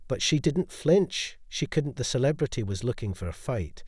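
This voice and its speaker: A man's voice: medium pitch, sing-song, moderate pace, a little mellow, husky, no room sound, studio quality. Man narrating a dramatic audio story.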